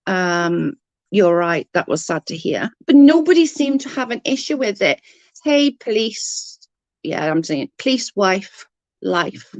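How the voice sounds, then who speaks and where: A woman's voice: medium pitch, sing-song, measured pace, no echo. A woman on a casual livestream, ranting in exasperation, swearing freely and answering chat comments. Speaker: live streamer reading chat comments.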